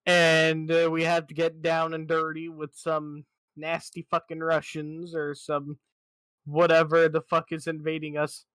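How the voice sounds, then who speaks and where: A man's voice: on the high side, completely flat delivery, measured pace, fairly bright tone, clean tone, no room sound. A man co-hosting a casual podcast, laid-back and profane. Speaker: podcast co-host.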